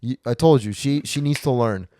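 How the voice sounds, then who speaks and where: A young man hosting a casual podcast chat, telling stories in an animated way and acting out his friends' voices. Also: medium pitch, normal speed, noisy background. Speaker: podcast host.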